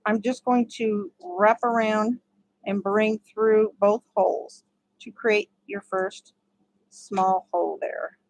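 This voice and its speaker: A woman's voice: mid-range voice, fairly even intonation, takes it slowly, a little mellow, poor audio. A woman giving a casual step-by-step crochet tutorial, chatty and laughing often. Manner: chatty, laughs often, talks to her dogs.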